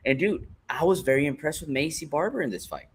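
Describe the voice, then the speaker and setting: A man's voice: fairly high pitch, fast, a little hiss or hum. Chatty man swapping fight stories. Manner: excited storytelling, fillers like dude and man. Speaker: co-host. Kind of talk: casual fight-recap chat.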